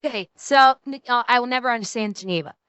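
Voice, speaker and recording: A woman streamer talks through a video she is reacting to, animated and full of swearing. Her voice is high, bright and smooth, recorded dry and close. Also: fast talker, no room sound. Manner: animated, swears freely, laughs a lot. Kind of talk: live reaction commentary.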